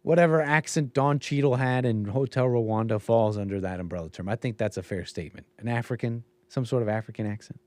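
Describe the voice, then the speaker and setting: A man's voice: medium pitch, a little fast, hardly any pauses, darkish tone, no echo. A man hosting a livestream commentary show, rambling and musing aloud and often trailing off mid-thought. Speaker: show host.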